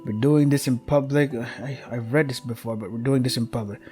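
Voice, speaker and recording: A young man reads a game's text aloud in a middle-pitched voice, skimming with "yada yada". He keeps breaking off to swear and grumble in exasperation. Faint music plays underneath. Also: steady tone, fairly quick, mellow. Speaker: game streamer. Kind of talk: reading game text aloud with frustrated commentary.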